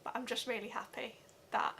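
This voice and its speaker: A young woman records a heartfelt vlog update. Her voice is bright and lifted a little above the usual range for a woman. She speaks earnestly, pausing often and filling the gaps with soft ums. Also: on the high side, wildly swooping pitch, creaky, a little hiss or hum. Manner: earnest, halting, many fillers. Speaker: vlogger.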